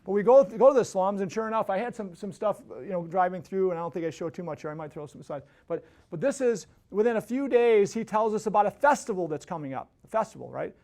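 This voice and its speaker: A man's voice: high-pitched, lively intonation, quick pace, few pauses, darkish tone. A man hosting a podcast, telling a casual story that rambles with many restarts and tag questions. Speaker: podcast host.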